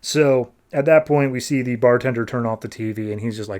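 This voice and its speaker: A man's voice: medium pitch, darkish tone. Casual man recapping comic issues. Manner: retells scenes, quoting characters in quick acted bursts. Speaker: podcast host recapping comics.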